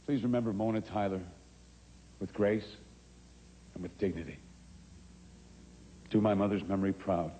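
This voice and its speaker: A man's voice: low voice, mellow, slight background noise, natural voice, rough recording. A man playing a solemn grieving son. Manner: solemn, measured. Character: grieving grown child eulogizing a mother. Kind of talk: daytime soap opera acting.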